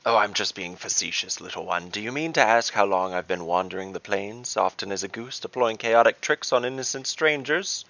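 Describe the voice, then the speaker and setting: A man's voice: lowish voice, brisk, creaky, hardly any pauses, fairly bright tone, no echo. A man voicing a mischievous male halfling trickster god in a gleeful, teasing, theatrical way. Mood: playful. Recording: dull dry lo-fi recording.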